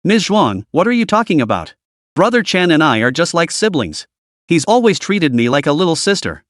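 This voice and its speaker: A man's voice: a little high, big pitch swings, normal speed, no room sound, clean studio sound. A man voicing a sugary fake-innocent young woman. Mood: sugary, whiny. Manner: coquettish, whiny, sugary.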